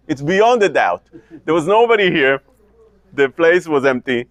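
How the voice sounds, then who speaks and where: A man's voice: fairly high pitch, lively intonation, a little slow, no room sound. A man, a rabbi, teaching a Talmud lecture to a study group, asking and answering his own questions with many restarts. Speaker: rabbi teaching a kollel class.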